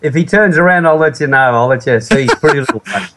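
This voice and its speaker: A man's voice: on the high side, fast, noisy background. A man with an Australian accent, a guest on a radio interview, talking in a rambling, chatty way with frequent restarts.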